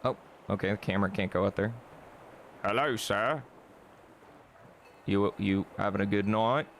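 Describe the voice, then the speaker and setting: Low-voiced, swearing game streamer man. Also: moderate pace, a bit bright, slight background noise. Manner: chatty, swearing, joking. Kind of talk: casual gameplay commentary.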